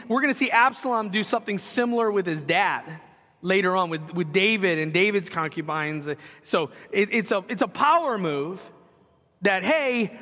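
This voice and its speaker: A man's voice: high voice, pushed and bright, long reverb tail. A man preaching an expository sermon, asking the congregation questions as he teaches.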